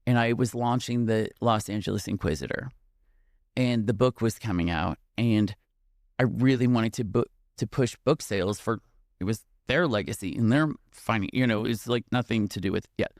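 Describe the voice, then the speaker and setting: A man's voice: on the low side, moderate pace, a little mellow, dry recording, clean studio sound. A man, a podcast guest, telling a heartfelt story in a tearful, emotional way, with many fillers and restarts.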